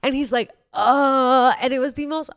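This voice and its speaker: A woman's voice: high-pitched, steady tone, very fast, no room sound, clean studio sound. A young adult woman, co-host of a podcast, telling a story in casual chat, full of fillers like "like". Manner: chatty storytelling with lots of "like".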